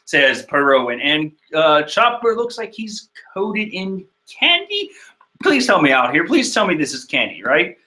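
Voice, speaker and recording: A man giving casual, animated commentary on a manga chapter, exclaiming and joking in disbelief. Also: high-pitched. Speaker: manga reader and reviewer.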